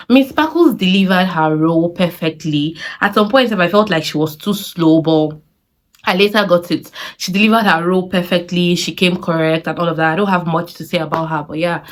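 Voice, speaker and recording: A woman's voice: on the low side, normal speed. Exasperated Nigerian woman ranting. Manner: animated, exasperated rhetorical questions; mixes in Pidgin phrases. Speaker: series reviewer. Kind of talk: casual opinionated review.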